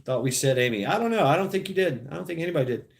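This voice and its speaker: On the high side and very fast, this livestream host's voice is expressive with some vocal fry. The man, likely in his thirties, talks to his chat in a rambling, foul-mouthed way, laughing at his own jokes.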